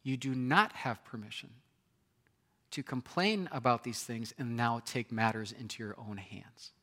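Unhurried and a touch bright in a mid-range voice, a pastor preaches in a conversational manner. Rhetorical questions aimed at his listeners come up again and again.

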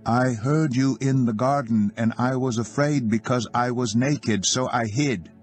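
A man's voice: mid-range voice, a little slow, soft background music, pitched above the performer's own voice, lightly acted. A British man reading the lines of the first man in a scripture recording, anxious and defensive. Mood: afraid.

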